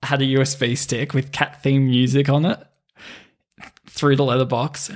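A man's voice: medium pitch, level tone, moderate pace. A man co-hosting a podcast, telling stories in casual chat with lots of laughing and swearing. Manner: giggly, swears often. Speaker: podcast co-host.

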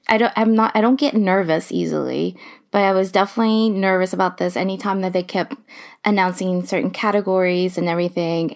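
Woman co-host, mid-pitched, gushing and repeating herself, a bit off-mic. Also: a little mellow. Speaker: podcast co-host. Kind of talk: casual podcast chat.

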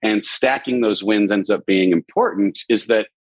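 A man in casual conversation as the featured guest on a live video call, talking in a jokey way and leaping into high playful tones. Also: normal speed, no echo. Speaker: featured guest answering audience questions.

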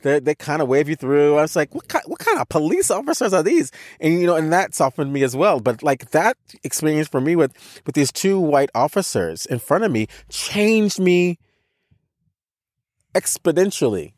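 A man's voice: a little high, expressive, moderate pace, darkish tone, no room sound, clean studio sound. A man with an American accent, a podcast co-host telling a personal story in casual conversation, emphatic, with many restarts and repeated words. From United States.

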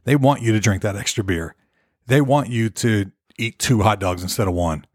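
This American podcast host has a lowish voice and talks at normal speed, recorded in studio quality with no echo. His style is loose and profane, wandering from point to point and repeating himself often.

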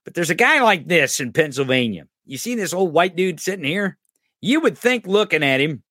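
A man's voice: on the high side, big pitch swings, moderate pace, sharp tone, husky, dry recording, clean studio sound. A man hosting a podcast, giving crude, mocking political commentary and swearing constantly. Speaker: podcast host. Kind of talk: profane political commentary over clips.

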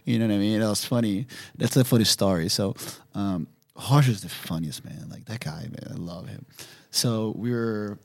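Vocal fry colors the slightly low voice of this Brazilian man as he speaks English, casually telling stories on a podcast. He is animated, laughs readily, and leans on "you know what I mean" as filler.

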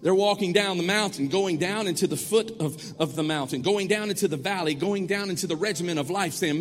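High-voiced male preacher in a reverberant hall. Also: brisk, hardly any pauses, faint music behind. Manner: animated, acts out the story. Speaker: pastor. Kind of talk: sermon.

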